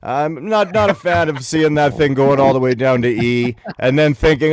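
A man grumbles through a comic rant, sounding fed up and chuckling between gripes. His voice sits at a middling pitch, and it is recorded close and dry with no room sound. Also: normal speed, clear, resonant tone, no echo. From Canada. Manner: exasperated, chuckles between complaints. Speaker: musician and regular ranter. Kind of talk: comedic rant.

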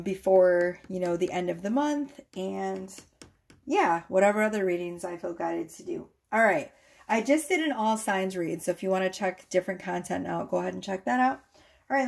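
A woman tarot reader chatting casually to her viewers, rambling a little and often checking in with a quick "okay?". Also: medium pitch, gravelly, darkish tone.

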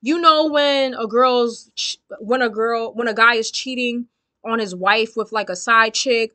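A woman's voice: a little high, a little slow, pushed and bright, dry recording. A young woman giving blunt, sassy, swear-filled casual commentary on a reality dating show.

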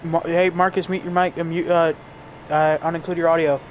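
Young male streamer, slightly high voice, rambling chatter, faint background noise. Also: little pitch movement, brisk, rough recording. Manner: rambling, run-on storytelling. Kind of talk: casual chat while gaming.

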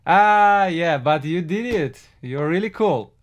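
A man's voice: fairly high pitch, lively intonation, takes it slowly. A man from Russia with a Russian accent, chatting in a friendly way with strangers on a video call. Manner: friendly, teaching words, breaks into song. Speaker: musician host. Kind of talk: casual video chat.

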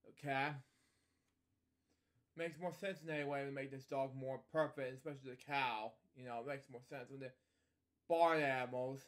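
A man's voice: a little high, measured pace, pauses often. A man casually reading a picture book aloud as a storytelling host, stumbling over words and wandering into rambling asides at home.

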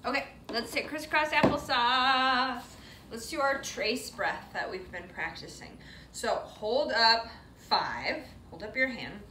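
Animated woman teaching kids' yoga. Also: a little high, takes it slowly, slight background noise. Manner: playful, sing-song, coaxing, with animal sounds. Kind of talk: leading a kids' yoga class. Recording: roomy sound from a distant mic.

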